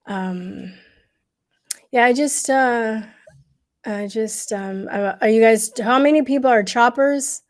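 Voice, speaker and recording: A woman hosting a casual livestream, talking to viewers with many pauses, fillers and restarts, and growing emotional at times. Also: fairly high pitch. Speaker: livestream host.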